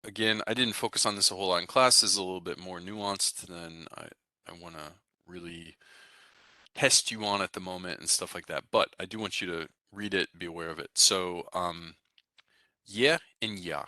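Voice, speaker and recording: A man's voice: low voice, moderate pace, sharp tone, dry recording, clean studio sound. A man teaching a language class, explaining pronunciation rules in a casual, rambling way with many fillers and restarts. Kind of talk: recorded class lecture.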